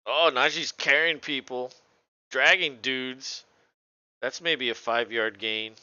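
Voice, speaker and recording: A man casually calling a football game play by play, relaxed, laughing often and swearing freely. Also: mid-range voice, takes it slowly, clean tone, dry recording, muffled recording. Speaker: co-host doing play-by-play.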